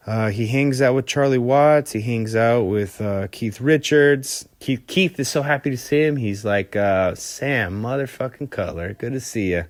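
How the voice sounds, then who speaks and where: A man's voice: medium pitch, no echo, studio quality. A man hosting a podcast, telling a rock story in a loose, casual way with lots of fillers and the odd curse. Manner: loose and profane, many fillers and restarts. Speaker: podcast host.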